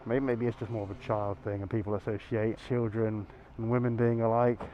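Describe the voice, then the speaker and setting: Young British man, motovlogger, croaky from a cold, sweary and self-mocking, muffled helmet mic, traffic behind. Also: on the low side, level tone, fairly quick. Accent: British English. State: slightly croaky from illness. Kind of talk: casual riding vlog. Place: outdoors on a motorbike in town traffic. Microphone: lapel mic under a helmet.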